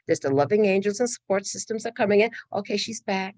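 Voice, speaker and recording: A woman's voice: mid-range voice, quick pace, a little mellow, no echo. A middle-aged woman giving a spiritual talk, laughing often and acting out inner voices. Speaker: spiritual teacher.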